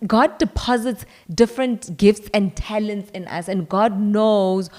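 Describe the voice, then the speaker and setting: A South African woman in her thirties co-hosting a casual chat, lively and quick to laugh, often talking straight to viewers. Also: medium pitch. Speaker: co-host.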